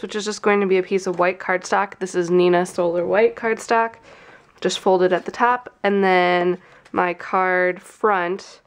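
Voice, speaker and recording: Nasal, congested young woman crafter. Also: mid-range voice. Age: young adult. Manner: friendly, chatty, explains each step as she works. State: congested from a cold. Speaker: craft tutorial host. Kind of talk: casual how-to narration.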